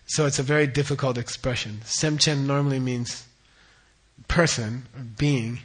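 A man's voice: medium pitch, fairly even intonation, normal speed. Man explaining Buddhist terms, repeating "okay?". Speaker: Buddhist teacher. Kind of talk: dharma teaching.

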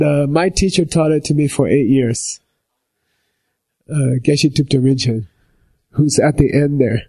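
A middle-aged man teaching a meditation class, explaining with simple everyday examples and often checking in with a quick "okay?". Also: fairly high pitch, mellow. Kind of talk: slow explanatory teaching talk.

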